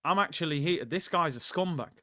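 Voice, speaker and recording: A man's voice: fairly high pitch, a little fast, pushed and bright, no echo, clean studio sound. Heated young man ranting. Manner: heated, ranting, reads out viewer messages. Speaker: football watchalong host. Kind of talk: live reaction commentary.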